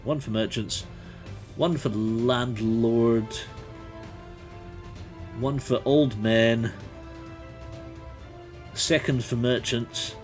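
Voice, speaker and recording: A man's voice: mid-range voice, fairly even intonation, drawn-out words, long pauses, soft background music. A man hosting a livestream as game master, reading a gamebook aloud and chatting with viewers, laughing often and thinking aloud. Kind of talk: reading a gamebook live with chat.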